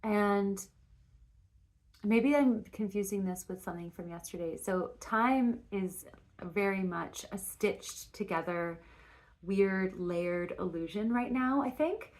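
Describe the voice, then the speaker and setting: A woman's voice: mid-range voice, takes it slowly, a little mellow. A woman giving a casual spoken tarot reading, rambling and restarting her sentences, with frequent fillers and casual swearing. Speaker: tarot reader.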